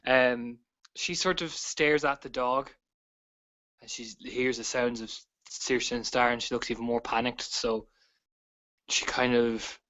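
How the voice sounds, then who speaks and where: A man's voice: mid-range voice, fairly even intonation, a little slow. A man playing a tabletop role-play game, hesitantly describing what his character does, with many fillers. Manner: hesitant, filler-heavy, with soft laughs. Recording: dull lo-fi audio.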